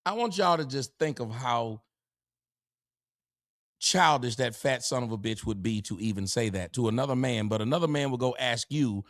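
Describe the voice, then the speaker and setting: A man's voice: mid-range voice, moderate pace, no echo, studio quality. A male commentator in a played clip, speaking with mocking contempt in a preacher-like cadence.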